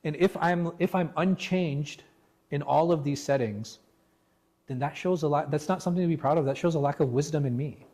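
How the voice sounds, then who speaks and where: Animated man teaching a mosque class. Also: a little high, brisk. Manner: animated, asks rhetorical questions, restarts words. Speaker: imam leading a class discussion. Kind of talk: interactive religious class talk.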